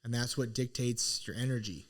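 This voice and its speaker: Here a middle-aged podcast co-host talks at normal speed in a mid-range, slightly bright voice. His personal story is sincere, casual and thoughtful, full of false starts.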